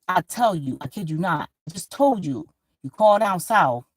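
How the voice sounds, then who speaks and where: A woman from Georgia, talking in a rambling, profane, animated monologue as a vlogger. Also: lowish voice, moderate pace, dry recording, faint music behind. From Georgia, USA. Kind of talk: casual monologue to camera.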